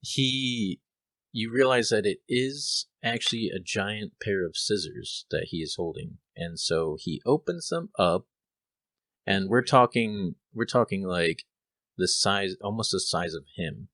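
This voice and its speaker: A man's voice: lowish voice, animated, a little slow, a bit bright, no room sound. A young man narrating a tabletop role-playing game as game master, casual and rambling with many fillers.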